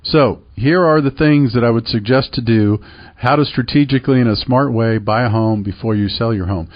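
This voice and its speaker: A man's voice: medium pitch, moderate pace, lo-fi sound. A middle-aged man hosting a radio show about real estate, talking in an emphatic, persuasive way that repeats points and asks rhetorical questions. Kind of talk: call-to-action radio talk.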